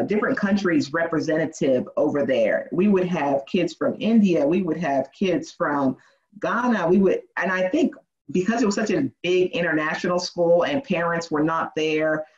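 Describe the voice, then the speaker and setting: A lawyer as a podcast guest, telling lively stories and acting out what people said. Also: mid-range voice. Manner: animated storytelling, acts out quoted voices, laughs often. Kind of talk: casual interview. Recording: dull, muffled sound.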